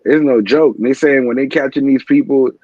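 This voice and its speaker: A man's voice: mid-range voice, fairly even intonation, brisk, darkish tone, no room sound, dull audio. A man hosting a morning livestream show, talking loosely in slang and often repeating himself. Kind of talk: casual livestream chat.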